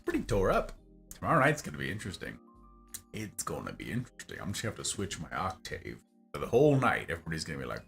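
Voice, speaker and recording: A hoarse male streamer rambles through a casual end-of-stream chat, his voice rising and falling over a wide, lively range as he plays with words. Faint music runs behind him. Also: low-pitched, quick pace. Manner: rambling, playful wordplay, grateful. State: hoarse from talking.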